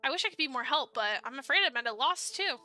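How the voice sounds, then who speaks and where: A woman's voice: sits high, lively intonation, quick pace, pushed and bright, soft background music, heavily acted. A woman voicing a composed, polite female friend in a dating game. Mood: calm. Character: poised, loyal female friend and helper.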